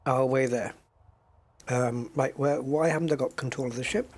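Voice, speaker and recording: A mid-range male voice, darkish in tone, with fairly even intonation at a moderate pace. He's casually live-streaming a space game from his home desk with a joystick, chatting with viewers he calls "guys," thinking aloud and humming while he waits.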